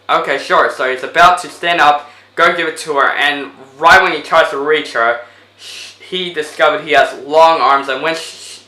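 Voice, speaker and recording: Bright-voiced rambling man reviewer. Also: fairly high pitch, reverberant, rough recording. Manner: rambling, full of fillers like 'basically'. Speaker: movie reviewer. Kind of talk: casual plot retelling.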